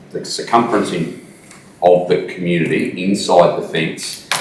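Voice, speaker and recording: A man's voice: low voice, slight background noise. A man reporting at a council meeting, hesitant, with many ums and restarts. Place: council chamber. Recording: echoey room, mic at a distance.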